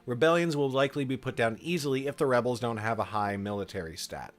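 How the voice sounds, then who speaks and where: A relaxed man hosting a live game stream, reading rules aloud and chatting with viewers in a mid-pitched voice. Quiet music plays faintly in the background. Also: quick pace. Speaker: streamer running a game for chat. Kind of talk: casual live-stream narration.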